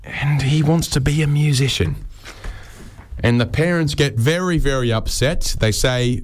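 A man's voice: medium pitch, a little slow, no room sound. Sarcastic man riffing. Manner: sarcastic, animated, swears freely. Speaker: comedy podcast host. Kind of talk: rambling comedic monologue.

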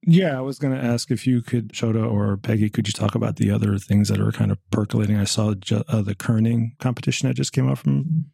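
A man's voice: lowish voice, steady tone, a little fast, creaky, few pauses, warm tone, breathy edge, no echo. A man co-hosting a podcast, asking casual questions that stop and start. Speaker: podcast co-host. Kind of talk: conversational podcast interview.

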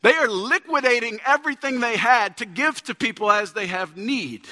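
This sermon comes from a pastor in his thirties, talking at a moderate pace with a high, crisp, bright voice. The conversational preaching rises to emphatic peaks, and the sanctuary's long echo hangs behind each phrase.

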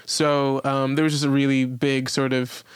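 A man's voice: medium pitch, level tone, normal speed, clear, resonant tone, no echo. A man co-hosting a podcast, telling a story in a rambling, casual way with lots of fillers and the odd curse word. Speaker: podcast co-host. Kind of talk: casual chat. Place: podcast recording setup.

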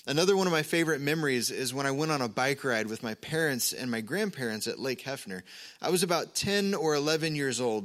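A man preaching a sermon as pastor, earnest and measured, with an occasional filler. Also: medium pitch, a bit bright.

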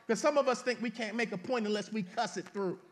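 A pastor with a strikingly high voice preaches fast, reading scripture aloud before speaking directly to the congregation in loose, colloquial language. His delivery has dramatic rises, and at times he breaks into shouts.

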